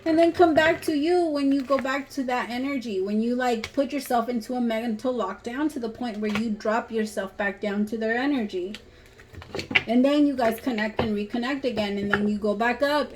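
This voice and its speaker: Brief: woman tarot reader, slightly high voice, blunt and swearing, hiss behind her. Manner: blunt, emphatic, swears freely. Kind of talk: casual tarot reading to camera.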